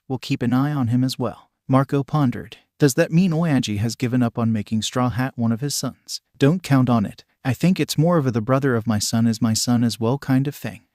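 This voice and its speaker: A man reads a long piece of fan fiction aloud, voicing the dialogue in the same even tone as the prose. His voice sits at a middle pitch and is recorded close and dry, with no room around it. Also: dry recording. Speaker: narrator.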